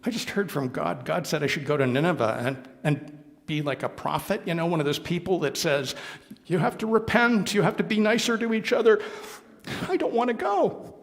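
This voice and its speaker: A man's voice: a little high, expressive, normal speed, vocal fry, big-room sound. Jonah, a man doing a whiny reluctant prophet. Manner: whiny and pleading.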